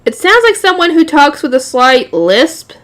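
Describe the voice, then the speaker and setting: A woman's voice: sits high, sing-song, a little slow, a bit bright. A woman reading a light novel aloud, often laughing and breaking off to chat with her viewers.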